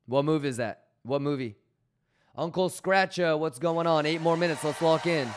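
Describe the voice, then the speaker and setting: Male livestream host, slightly high and clear, unhurried, profane banter with chat. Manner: loose, profane banter reading chat messages aloud; hyped, calling out viewers by name.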